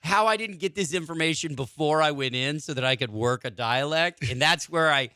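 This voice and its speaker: A man telling a story in casual studio chat, animated and laughing often, recorded on a radio studio microphone. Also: fairly high pitch, brisk, clear, resonant tone, dry recording. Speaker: guest actor.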